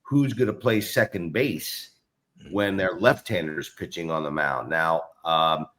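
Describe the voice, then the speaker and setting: A man's voice: low-pitched, pushed and bright. A man co-hosting a casual sports podcast, talking enthusiastically with frequent restarts. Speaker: co-host.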